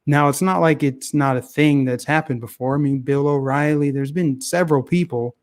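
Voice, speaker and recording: A man with a slightly high voice and a moderate pace runs a casual talk show. His political commentary is animated and opinionated, built around repeated phrases.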